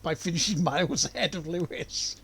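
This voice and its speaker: A man streaming a racing game, chatting casually with relaxed, chuckling asides. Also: a little high, moderate pace, slight background noise. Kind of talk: casual live-stream chat over gameplay.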